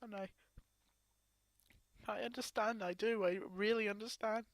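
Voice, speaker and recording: A woman crying as she talks to her camera in a grieving personal vlog, her speech halting and broken by sobs and restarts. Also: medium pitch, steady tone, dry recording. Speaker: vlogger.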